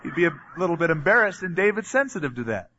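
A man's voice: a little high, sing-song, fast, bright, forceful tone, slightly rough, muffled recording. A man preaching a sermon in a casual, conversational way, reading scripture and retelling it in everyday words.

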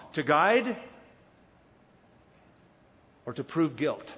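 A man pastor preaching a conversational Bible teaching, with dramatic pauses and voiced quotes. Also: high voice, very animated, fairly bright tone. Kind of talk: sermon. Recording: dull lo-fi sound with long hall reverb.

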